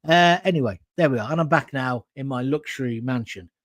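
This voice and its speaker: A man's voice: medium pitch, a little fast, no echo. Blunt man hosting a talk show. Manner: blunt, combative, rambling rant. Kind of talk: live talk show, reading viewer comments. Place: studio in front of a green screen.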